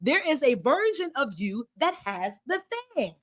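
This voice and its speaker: A woman hosting a live online workshop as a life coach, animated and emphatic, with preachy repetition. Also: sits high, measured pace, hardly any pauses.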